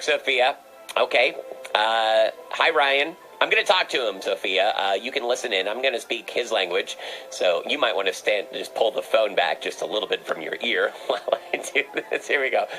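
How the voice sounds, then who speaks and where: A man's voice: fairly low pitch, bright, forceful tone, low-quality recording. A man hosting a comedic call-in show, teasing a caller with a playful, stammering delivery and a mock pet-psychic bit.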